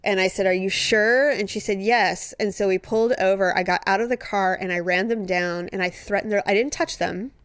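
A woman in her forties co-hosting a podcast, telling family stories in a lively way and putting on her parents' voices with frequent laughs. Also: brisk, few pauses, smooth, dry recording, clean studio sound. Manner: animated storyteller, mimics parents in high voices, laughs often. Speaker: podcast co-host. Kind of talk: casual chat.

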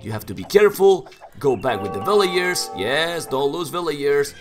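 A man with a Spanish first language casting a strategy game live in broken English, getting excited and shouting at big plays. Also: on the high side, normal speed, music in the background. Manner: non-native English with broken grammar. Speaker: game caster. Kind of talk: live esports commentary.

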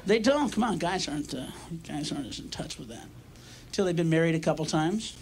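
A man's voice: fairly high pitch, animated, brisk, gravelly, low-quality recording. A man doing a live stand-up routine, ranting and breaking into sudden screaming tirades. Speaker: stand-up comedian. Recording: live club, loud crowd.

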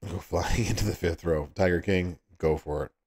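A man's voice: low voice, fairly even intonation, moderate pace, a little mellow, slightly rough. A man with a Southern US accent hosting a livestream, chatting casually with viewers and laughing often. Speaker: livestream host.

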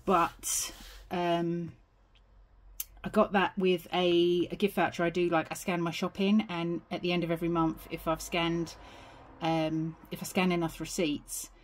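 A woman's voice: on the low side, a little hiss or hum. A young British woman chatting casually to camera at home, rambling and a little out of breath. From United Kingdom. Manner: chatty, rambling, self-deprecating. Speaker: budgeting vlogger. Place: home, evening.

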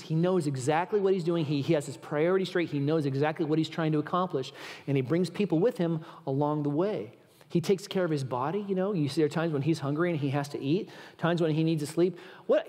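Male preacher, slightly high voice, earnest and informal, church hall with long reverb. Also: darkish tone. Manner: earnest, informal, addresses the audience directly. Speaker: guest preacher. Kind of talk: conversational sermon. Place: large church auditorium.

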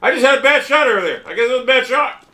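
A man raging over a shooter game, foul-mouthed and fed up, dropping to low grumbles and bursting into yells. His voice sits high and swings widely in pitch. The tone is very bright and sharp. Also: expressive, fast. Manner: profane, swings between muttering and yelling. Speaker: gamer. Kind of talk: raging gameplay commentary.

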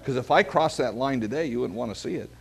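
Man preaching with lively stories. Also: mid-range voice, quick pace, vocal fry. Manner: storytelling preacher calling for amens. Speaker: pastor. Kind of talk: sermon.

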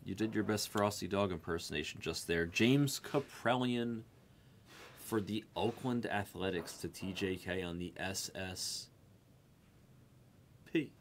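Guy doing a card break stream, fairly low voice, reads off cards and talks to the chat, faint hiss behind. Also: measured pace. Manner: rattles off player names and card types, chatting to viewers. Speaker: sports card break host. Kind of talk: live card break call-outs.

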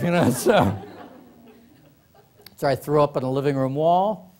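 A middle-aged man tells comic stories to a library audience, his voice set a bit high for a man. He laughs often and slips into quick acted voices for the people he quotes. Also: lively intonation, darkish tone. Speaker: author giving a workshop talk. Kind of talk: comic storytelling to a live audience. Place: library meeting room.

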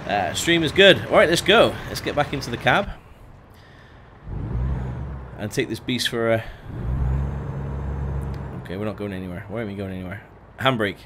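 A young man with a lowish, lively voice streams a driving game, chatting casually, greeting viewers by name and talking through each step. He speaks at a moderate pace with long pauses, and faint truck engine noise sits in the background.

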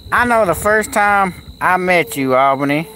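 Man, folksy live-streamer, slightly high pitch; outdoors with crickets and dogs behind. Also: expressive, normal speed, bright, forceful tone, a little hiss or hum. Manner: folksy, coos at animals and answers chat. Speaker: kennel owner live-streaming. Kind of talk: casual live-stream chat. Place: outdoors at a kennel.

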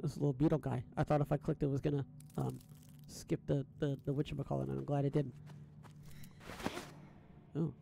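A man's voice: mid-range voice, flat delivery, fairly quick, creaky, pauses often, dark tone, a little hiss or hum. A young man casually commenting on a game stream, rambling and thinking aloud with lots of fillers and restarts, fretting about his audio settings. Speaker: gaming streamer.

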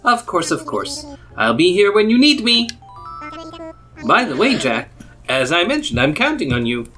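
A woman's voice: fairly low pitch, very animated, a little slow, a bit bright, soft background music, pitched below the performer's own voice. A woman voicing a fatherly male raccoon shopkeeper in a video game, reading his lines aloud in a polite, coaxing manner.

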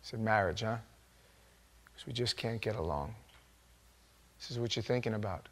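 A man preaching a sermon as pastor, telling stories in an animated way and acting out quoted voices with sudden loud outbursts. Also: fairly low pitch, moderate pace. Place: church sanctuary.

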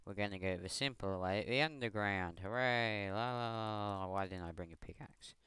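Rambling Scottish teen gamer. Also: male voice, fairly low pitch, normal speed, pushed and bright, clear, resonant tone, no room sound, studio quality. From Scotland. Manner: rambling, swearing, self-mocking. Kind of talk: gameplay commentary. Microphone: headset mic.

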